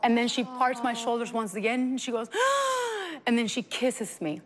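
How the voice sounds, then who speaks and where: A woman guest on an interview show, a mother telling her story in an earnest, animated way and acting out the dialogue. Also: fairly high pitch, a little fast, long reverb tail, a little hiss or hum. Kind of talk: emotional personal storytelling.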